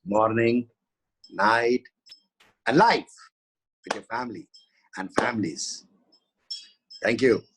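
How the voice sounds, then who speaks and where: A man's voice: medium pitch, takes it slowly, pauses often, a little hiss or hum, low-quality recording. A man with an Indian English accent, a spiritual teacher giving an earnest, devotional webinar talk in short repeated phrases over a video call. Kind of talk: live webinar talk with guided meditation.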